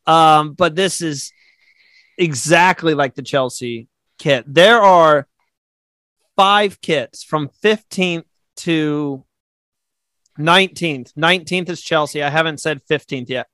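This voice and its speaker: Easygoing man with a high voice. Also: takes it slowly, pushed and bright, no room sound. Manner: easygoing, laughs often, restarts. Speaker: podcast co-host. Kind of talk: casual chat.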